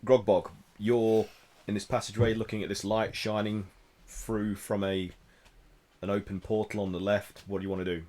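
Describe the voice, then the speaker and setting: A man from the United Kingdom narrating as game master, unhurried and full of ums and likes. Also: lowish voice, a little hiss or hum. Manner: relaxed, hesitant narration with many fillers.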